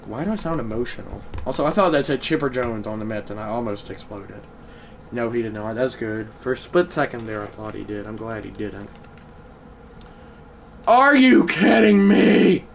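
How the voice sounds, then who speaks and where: A man livestreaming a baseball video game, chatting to viewers and shouting when big hits land. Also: medium pitch, a little hiss or hum. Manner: excitable, swings from mumbled asides to shouted play calls. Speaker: gaming livestreamer. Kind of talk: live gameplay commentary.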